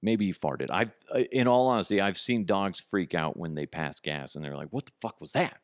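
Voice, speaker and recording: A middle-aged man hosting a podcast, telling profane, comic stories in a casual way and jumping to a high, disbelieving pitch. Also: normal speed, no room sound, clean studio sound. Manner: profane, animated, jumps to high incredulous pitch. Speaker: podcast host. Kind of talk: casual comedic storytelling.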